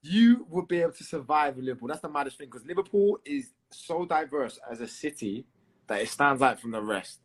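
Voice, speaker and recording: A husky-voiced man with a London accent chats loosely as an interview guest. He swears casually, restarts his sentences and leans on "um" as he talks. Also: fairly high pitch, animated, a little fast. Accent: English, London. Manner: chatty, swears, fills with "um" and restarts. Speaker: guest fighter.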